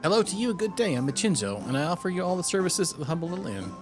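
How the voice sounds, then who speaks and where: A man's voice: high voice, big pitch swings, racing, music in the background, voice pushed up. A man voicing a pompous, boastful male innkeeper who tells tales in theatrical, old-fashioned speech while reading game dialogue aloud. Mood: haughty.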